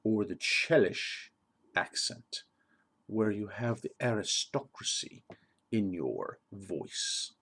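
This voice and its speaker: A man's voice: lowish voice, expressive, takes it slowly, a bit bright, slightly rough. A man talking casually as a game master giving advice, rambling and correcting himself, chuckling often. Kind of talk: casual tutorial monologue.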